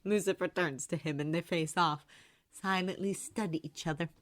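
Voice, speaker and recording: A woman reading fanfiction aloud in an animated storytelling manner, close to the microphone. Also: lowish voice, normal speed, dry recording. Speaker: audiobook reader. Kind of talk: fanfiction narration.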